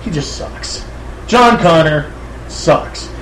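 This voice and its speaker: A man in casual movie-talk banter who swears a lot and breaks into loud, excited outbursts. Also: a little high, takes it slowly, reverberant, a little hiss or hum, low-quality recording.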